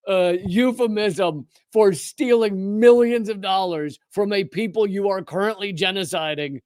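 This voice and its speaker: A man's voice: high voice, a little slow, few pauses, darkish tone, no room sound. A man hosting political commentary, speaking in an indignant, sarcastic way.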